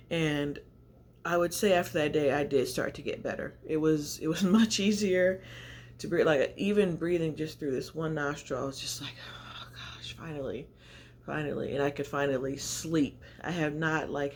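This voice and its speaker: Woman vlogger, gravelly, chatty and confessional, slightly breathless. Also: sits low, a little mellow, a little hiss or hum. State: often out of breath. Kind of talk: casual vlog chat to camera. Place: home, indoors by natural light.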